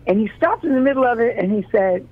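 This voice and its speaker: A woman in her sixties from Chicago, telling stories as an interview guest in an animated, chatty way and often repeating words as she starts a sentence. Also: on the high side, quick pace. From South Side Chicago. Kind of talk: casual storytelling. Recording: phone-like narrow sound.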